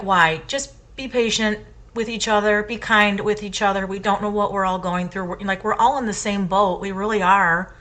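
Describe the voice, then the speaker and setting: A woman's voice: mid-range voice, a bit bright. A middle-aged woman co-hosting a podcast in casual chat, giving her opinions in an impassioned, emphatic way. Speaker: podcast co-host.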